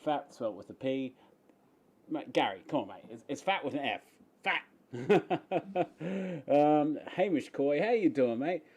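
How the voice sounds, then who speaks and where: An Australian man hosting a casual live-stream Q&A from his home, chatty and quick to laugh as he greets viewers by name. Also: fairly high pitch, expressive, a little mellow, lo-fi sound. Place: home, upstairs room.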